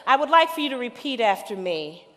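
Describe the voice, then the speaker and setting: Middle-aged woman pastor preaching, goes from soft storytelling to loud call and response, kinda high voice, big echoey hall. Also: very animated, a little fast. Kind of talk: sermon. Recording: reverberant hall recording.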